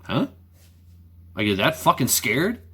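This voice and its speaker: A man's voice: medium pitch, big pitch swings, takes it slowly, fairly bright tone, breathy edge. A man vlogging in a sarcastic ranting monologue, repeating himself, swearing freely and firing off rhetorical questions.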